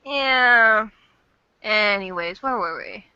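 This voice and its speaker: A woman's voice: medium pitch, slow, bright, forceful tone, clean tone, no echo. A woman hosting a casual online fan chat, rambling and chatty with casual swearing, on a dull lo-fi recording.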